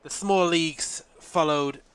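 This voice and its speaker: A man's voice: fairly high pitch, measured pace, a bit bright. A man doing live sim-racing commentary, nasal and congested from a head cold, chatty and answering his live chat. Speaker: race commentator.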